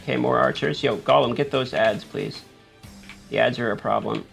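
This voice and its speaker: Guy with a gravelly voice commentating his own game run, hyping himself up. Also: medium pitch, moderate pace, fairly bright tone, faint music behind. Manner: talks himself through play, panics and urges himself on. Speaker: gaming YouTuber. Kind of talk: live gameplay commentary.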